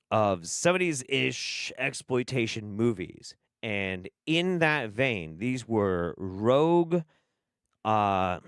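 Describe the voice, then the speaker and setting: A young adult man hosting a stream, reacting in animated casual commentary, swearing and laughing often. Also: lowish voice, clean tone, no room sound, clean studio sound. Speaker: streamer host.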